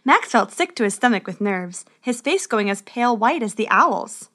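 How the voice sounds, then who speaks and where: A woman narrating a children's fantasy story with an expressive, lively read. Her voice sits fairly high and clear. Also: moderate pace.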